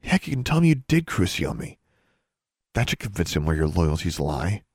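A man's voice: sits low, very animated, moderate pace, darkish tone, breathy edge, dry recording, studio quality, full character voice. A man voicing an earnest, stubborn teenage girl who pleads and teases in a storybook reading.

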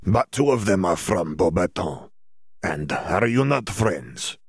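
A man's voice: deep voice, very animated, takes it slowly, breathy edge, dry recording, clean studio sound, heavily acted. A man reading an audiobook voices an earnest young male student wizard who talks in stiff, formal phrasing with hesitations. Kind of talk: audiobook character voice.

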